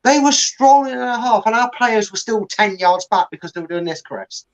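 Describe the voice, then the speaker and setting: A man's voice: sits high, expressive, normal speed, hardly any pauses, lo-fi sound. Ranting male football fan co-host. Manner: ranting, acts out the manager and players in little put-on voices. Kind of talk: casual post-match chat.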